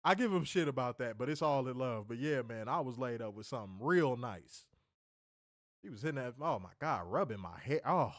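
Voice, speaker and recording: A man's voice: medium pitch, animated, moderate pace, a bit bright, no room sound, studio quality. A man hosting a podcast, telling a story in a loose, profane way and laughing often. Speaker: podcast host. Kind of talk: casual storytelling chat.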